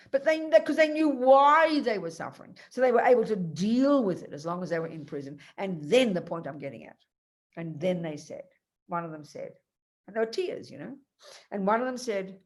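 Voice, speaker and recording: A woman gives a Buddhist teaching in an emphatic, lively manner. She tells stories and speaks straight to her students by name. Her voice sits at an ordinary middle pitch. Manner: emphatic, animated storytelling. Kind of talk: Dharma teaching.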